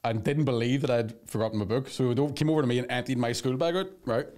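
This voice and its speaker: A man's voice: mid-range voice, fast. A man co-hosting a podcast, telling stories with a lot of swearing in casual chat. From Northern Ireland. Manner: animated storyteller, swears freely. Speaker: podcast co-host.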